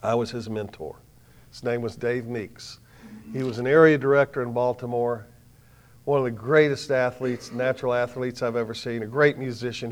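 An older man giving a sermon as storytelling, swinging from hushed lines to loud bursts with dramatic pauses. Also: medium pitch. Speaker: speaker.

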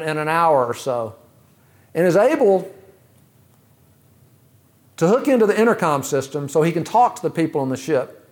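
Preacher, male, fairly high-pitched voice, measured delivery with rhetorical questions. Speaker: pastor. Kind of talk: sermon.

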